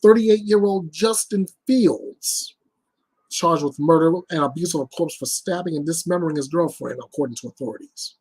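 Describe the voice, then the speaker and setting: A man's voice: fairly high pitch, fast, few pauses, slightly rough. A man hosting his own news show, reading reports and giving blunt, emphatic commentary.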